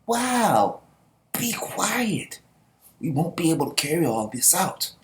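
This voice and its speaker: Giddy young male looters chatter in a high, breathless voice, as a man puts them on. The pitch jumps well above a normal man's voice and swings around a lot. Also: very animated, takes it slowly. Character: excited young male clan members looting.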